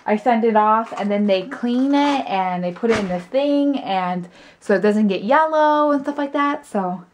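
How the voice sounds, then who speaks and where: A woman's voice: fairly high pitch, expressive, normal speed, a little hiss or hum. A woman chatting casually to camera in a vlog, bubbly and self-deprecating. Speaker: vlogger.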